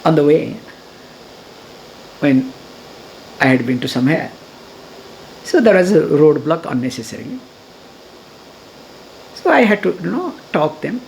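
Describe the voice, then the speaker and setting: A middle-aged woman with an Indian accent, a spiritual teacher giving a scripture discourse, animated and chuckling, acting out dialogue and chanting Sanskrit verses slowly. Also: deep voice, vocal fry, slight background noise.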